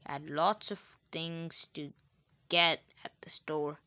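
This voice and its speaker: Woman voicing a little girl pig, cheerful, eager, bright tone. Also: low-pitched, fairly even intonation, slow pace, exaggerated voice.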